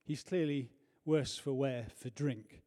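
A man preaching a sermon in a church, telling a personal story earnestly, moving from hushed to loud. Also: mid-range voice, slow pace.

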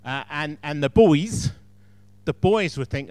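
A man's voice: on the high side, lively intonation, slow pace, a little mellow, no room sound. A man preaching a sermon in a chatty storytelling way, with frequent asides to the congregation.

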